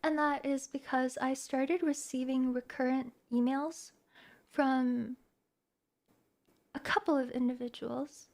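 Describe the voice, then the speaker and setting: A woman streamer talks to her viewers in a soft, reflective way. Her voice sits high. She hesitates and restarts her phrases often. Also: level tone, slow. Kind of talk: personal talk to viewers.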